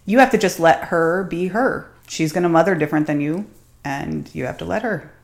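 A woman's voice: lowish voice, gravelly. A woman co-hosting a casual podcast, chiming in with supportive reactions. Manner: supportive listener, quick reactions. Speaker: podcast co-host. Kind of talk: casual chat.

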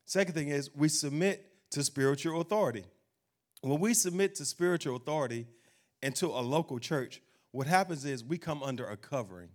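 A man preaching a sermon, emphatic, slowing down to read scripture. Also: on the high side, expressive. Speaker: pastor.

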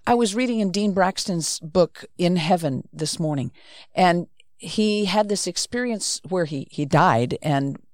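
A woman's voice: lowish voice, unhurried, no room sound, clean studio sound. A woman co-hosting a Christian talk show, explaining scripture earnestly and repeating phrases for emphasis. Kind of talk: teaching faith discussion.

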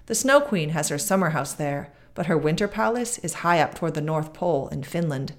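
A woman lends her low voice to a loyal reindeer from a fairy tale. He speaks earnestly and politely, kind and eager to help. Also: lively intonation, fairly quick. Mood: friendly. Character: kindly, loyal male reindeer.

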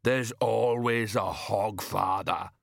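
A man doing a slow rumbling hulking giant, Banjo. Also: gravelly, dry recording, studio quality. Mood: puzzled.

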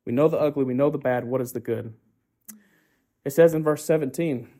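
A man's voice: medium pitch, brisk, dark tone. A man preaching a sermon who keeps asking the congregation rhetorical questions, often tagging "right?", and builds his points through repetition.

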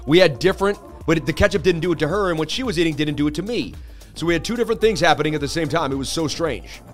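Pria santai bercerita dengan musik pelan. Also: male voice, a little high, rapid-fire, faint music behind. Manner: animated storyteller, slangy, says dude and man a lot. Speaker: crypto livestream host. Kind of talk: casual rambling livestream chat.

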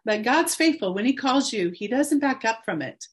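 A woman in her forties, a guest in an interview, speaking earnestly and encouragingly about her faith with soft laughs. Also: a little high, animated, normal speed, breathy edge.

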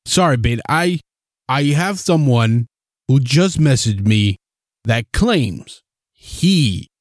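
A man's voice: mid-range voice, animated, slow pace, dry recording, clean studio sound. A man hosting a comedy podcast who talks in a casual, exasperated way. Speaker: podcast host.

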